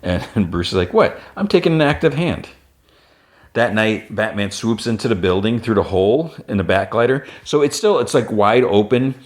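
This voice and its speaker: A man hosting a podcast, recapping an animated episode in a chatty, rambling way with lots of fillers and restarts. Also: on the low side, moderate pace, hardly any pauses. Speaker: podcast host.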